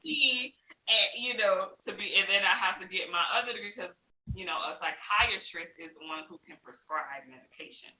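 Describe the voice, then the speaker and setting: A woman guest telling her story in a casual interview, animated, acting out other people's lines and laughing often. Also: mid-range voice, normal speed. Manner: laughs often while talking. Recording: roomy with faint hiss.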